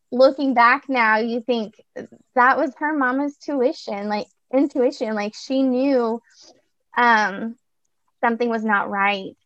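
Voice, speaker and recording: A woman's voice: a little high, fairly bright tone, dry recording. Chatty young woman, lo-fi. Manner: chatty, lots of fillers and restarts. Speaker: podcast guest. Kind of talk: personal storytelling. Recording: dull lo-fi dry recording.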